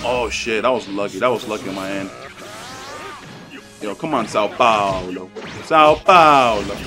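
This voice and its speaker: A man giving excitable, profane live commentary over his own game matches, trash-talking opponents and hyping his plays. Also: on the low side, unhurried, pauses often, soft background music. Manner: excitable, profane trash talk, swings between hype shouts and mutters. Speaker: gaming YouTuber.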